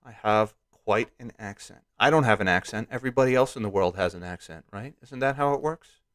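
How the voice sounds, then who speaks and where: A man's voice: fairly low pitch, brisk, fairly bright tone. Guy from rural pennsylvania doing a chatty finance livestream, keeps saying right?, reads headlines out. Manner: chatty, asks listeners "right?" often; reads news headlines aloud. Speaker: live stream host. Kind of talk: casual market commentary live stream.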